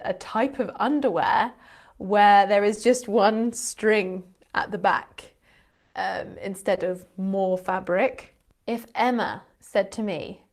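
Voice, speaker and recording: A British woman, an English teacher and channel host, explaining word differences playfully with frequent laughs and teasing asides. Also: medium pitch. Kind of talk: explaining vocabulary to camera.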